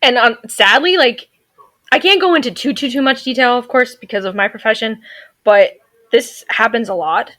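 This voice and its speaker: A woman's voice: a little high, normal speed, a bit bright. A woman in her thirties, a veterinary technician, telling stories as a guest on a casual podcast in a sassy, outspoken way. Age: 30s. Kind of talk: casual interview chat.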